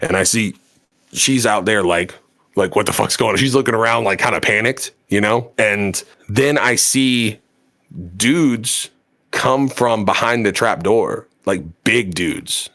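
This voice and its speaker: Low-voiced man telling a rambling story. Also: unhurried, fairly bright tone. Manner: rambling, filler-heavy, swears a lot. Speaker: podcast co-host. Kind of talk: casual storytelling chat.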